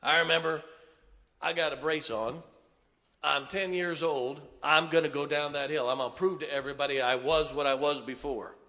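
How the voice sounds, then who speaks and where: A man preaching, telling a folksy, animated, self-mocking story from the pulpit. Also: a little high, normal speed. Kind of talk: storytelling sermon. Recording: long reverb of a large hall.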